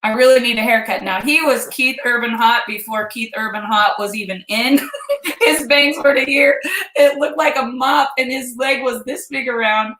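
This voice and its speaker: Talkative woman from kansas, fifties, telling her followers a story, bright tone, echoey room. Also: fairly high pitch, normal speed. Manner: chatty, animated, addresses viewers directly. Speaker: vlog host. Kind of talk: personal storytelling to viewers. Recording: roomy echo.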